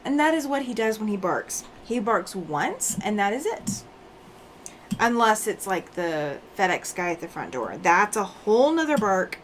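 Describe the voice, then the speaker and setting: A woman's voice: medium pitch, very animated, a little slow, slight background noise. A woman hosting a quilting livestream, chatting casually and laughing often while she sews and reads out viewer comments; she sounds tired after road travel.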